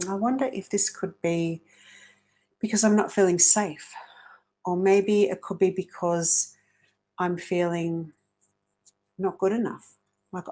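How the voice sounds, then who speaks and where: A woman's voice: lowish voice, a little mellow. A woman hosting a motivational self-help talk, earnest and coaching, often asking rhetorical questions.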